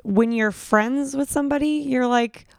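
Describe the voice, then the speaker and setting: Chatty woman with a gravelly voice. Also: high voice, measured pace, dry recording, clean studio sound. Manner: chatty storyteller, filler-heavy. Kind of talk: casual chat.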